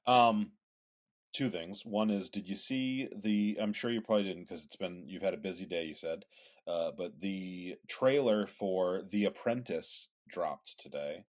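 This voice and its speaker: Low-voiced man in opinionated chat. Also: measured pace. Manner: opinionated, rambling explanations. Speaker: podcast co-host. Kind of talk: casual political chat.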